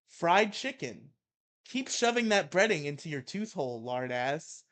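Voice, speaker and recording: A young man with a fairly high voice reads a comic rant aloud to his co-host. He hams up the outrage and keeps breaking into laughter. The talk is loose and chatty. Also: big pitch swings, a little slow. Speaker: co-host reading an article aloud. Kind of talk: casual chat and comic dramatic reading.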